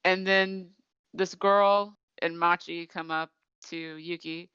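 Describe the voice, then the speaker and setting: A woman's voice: fairly low pitch, fairly even intonation, slow pace, pushed and bright, smooth, dry recording, dull audio. A woman co-hosting a podcast, rambling through a casual episode recap with lots of "like". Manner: rambling retelling, many "like" fillers. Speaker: podcast co-host.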